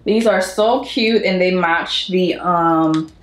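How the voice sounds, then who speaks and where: A woman's voice: lowish voice, takes it slowly, reverberant. A young woman chatting casually to her viewers in a home vlog, gushing over each thing she shows. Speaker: vlogger. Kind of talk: casual haul vlog chat.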